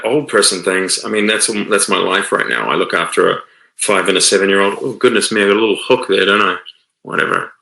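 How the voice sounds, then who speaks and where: A man in his forties with a very low, gravelly voice, chatting loosely through a fan Q&A over a video call. He rambles and doubles back on his words, poking fun at himself. His bright, forceful tone rings in an echoey room. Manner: rambling, self-deprecating, with many restarts. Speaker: actor answering fan questions. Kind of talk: virtual Q&A panel, casual and chatty. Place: home room. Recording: roomy echo.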